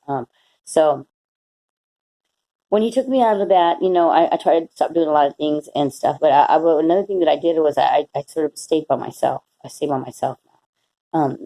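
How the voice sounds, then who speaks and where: Mellow-voiced woman sharing a rambling testimony. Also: on the low side, low-quality recording. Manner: rambling, emotional, frequent restarts. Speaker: Christian vlogger. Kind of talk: casual personal testimony.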